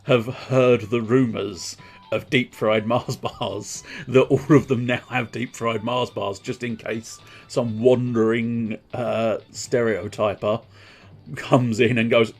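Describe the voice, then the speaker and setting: A man's voice: mid-range voice, little pitch movement, slow pace, husky, soft background music. A man streaming a game playthrough, rambling and joking with casual swearing. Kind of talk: live game playthrough commentary.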